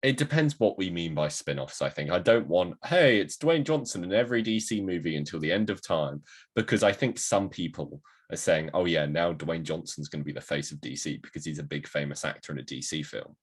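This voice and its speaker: A man's voice: low-pitched, animated, fairly quick, slightly rough. A man co-hosting a podcast in casual chat, joking and playful, talking over a video call. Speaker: podcast co-host.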